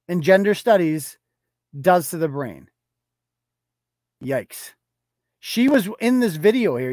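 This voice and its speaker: A man's voice: sits high, no echo. A man hosting a live online show, reading posts off his screen and firing back with sarcastic, profane mockery. He chuckles through his jabs. The sound is dry and close, with no room around it. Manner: reads posts aloud off screen and talks back to them.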